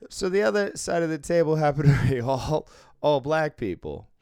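A man's voice: fairly high pitch, moderate pace, clean tone, dry recording, clean studio sound. A man in his thirties telling a work story from his job as a casino supervisor in casual chat, swearing freely and acting out the people he quotes. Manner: profane, animated, acts out quotes.

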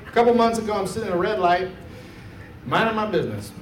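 A man's voice: high voice, expressive, fast, noisy background. A man doing a laid-back, chatty stand-up set on a comedy club stage, laughing at his own jokes. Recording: roomy club sound from a distance.

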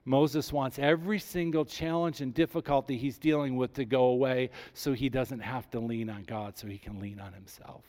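A man preaching a sermon, rising with emphasis and dropping low and soft when he voices God's words. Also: steady tone, moderate pace, hardly any pauses. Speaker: pastor.

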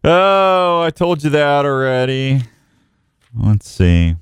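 A man's voice: on the high side, sing-song, slow pace, smooth, no echo, clean studio sound. A man hosting a live outdoors radio show, rambling and joking with listeners and his producer. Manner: rambling, jokey, chatty. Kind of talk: casual live radio chat.

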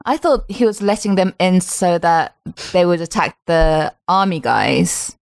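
A woman's voice: fairly low pitch, animated, unhurried, gravelly, dry recording. A woman co-hosting a casual film discussion, agreeable and chiming in often. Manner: agreeable, many small affirmations. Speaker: podcast co-host.

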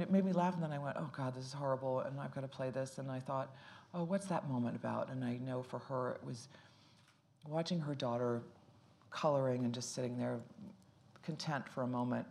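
A woman's voice: a bass voice, gravelly. A middle-aged actress talking casually in an interview, rambling and restarting her sentences, often laughing.

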